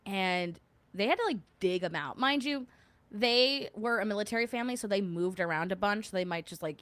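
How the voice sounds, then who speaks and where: A woman's voice: mid-range voice, animated, moderate pace, fairly bright tone, no room sound. A woman in her thirties hosting a casual lunch-break chat, rambling and laughing with many likes and fillers. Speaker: podcast host.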